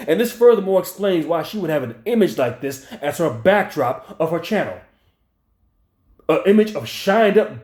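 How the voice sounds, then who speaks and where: A commentary channel host, a man with a high-pitched and slightly mellow voice, rants through a commentary video. His tone is profane, heated and mocking, recorded in an echoey room.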